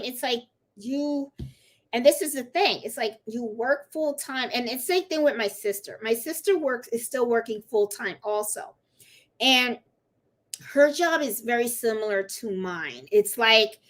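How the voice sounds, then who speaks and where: A middle-aged woman hosting a live crafting stream, chatting in a rambling, casual way and cooing to her dog now and then. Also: fairly high pitch. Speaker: livestream host of a crafting channel.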